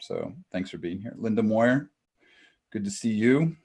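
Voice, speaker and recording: A man's voice: lowish voice, expressive, unhurried, a little mellow, slightly rough. A middle-aged man co-hosting a webinar, chatting casually and greeting attendees by name over a video call. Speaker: webinar co-host.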